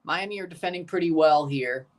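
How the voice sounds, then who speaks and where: A man with a fairly high, brisk voice chats through a football match live as a streamer, calling plays as they happen and answering viewers. He grows nervous near the end.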